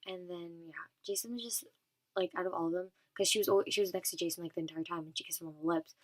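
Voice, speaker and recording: A woman's voice: fairly low pitch, steady tone, quick pace. A young woman vlogger from California telling a long story in a rambling, casual way, full of "and then" and fillers.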